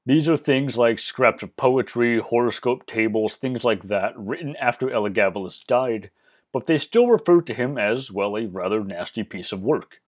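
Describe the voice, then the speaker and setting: A man narrating a history lesson, measured and explanatory with dry, wry asides. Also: medium pitch. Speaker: history channel host.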